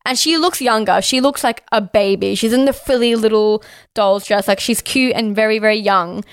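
A woman's voice: on the high side, moderate pace, smooth, dry recording, clean studio sound. A young woman co-hosting a podcast, ranting in heated, sarcastic casual chat with lots of swearing. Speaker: podcast co-host.

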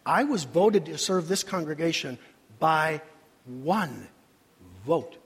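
Older male pastor, sermon, lively swooping pitch, drawn-out dramatic pauses. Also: husky. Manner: dramatic preaching with long pauses and sudden rises. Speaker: senior pastor. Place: church sanctuary. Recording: reverberant church hall.

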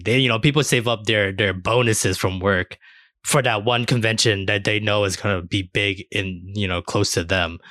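Low-pitched man, bright forceful tone, dry sound, rambling podcast co-host who swears a lot. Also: dry recording. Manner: rambling, swears freely, many fillers. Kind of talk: casual chat.

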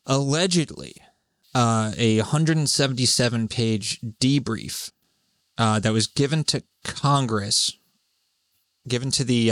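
A man's voice: medium pitch, fairly bright tone, no room sound, studio quality. Profane, rambling man. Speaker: podcast host. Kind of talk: solo rambling monologue.

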